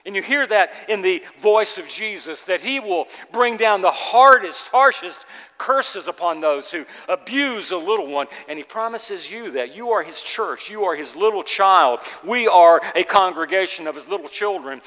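A man preaching a sermon to his congregation, earnest and urgent, swinging between loud emphasis and hushed tenderness. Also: high voice, lively intonation, normal speed, long reverb tail, poor audio. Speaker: pastor. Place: church sanctuary.

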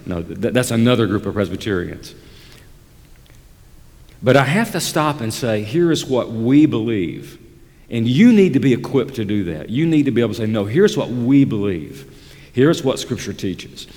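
A pastor with a mid-range voice preaches deliberately and emphatically, repeating key phrases for weight, his sound echoing as in a large room.

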